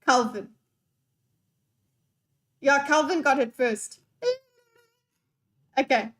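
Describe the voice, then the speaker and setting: High-voiced, playful woman streamer. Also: very slow, fairly bright tone. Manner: scattered, swears freely, playful. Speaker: live streamer reading chat. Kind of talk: unscripted live-stream chat.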